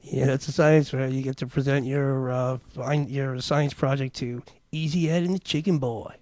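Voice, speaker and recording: A man's voice: medium pitch, fairly even intonation, moderate pace, darkish tone. A man hosting a talk show, commenting casually on clips and rambling with many fillers and restarts.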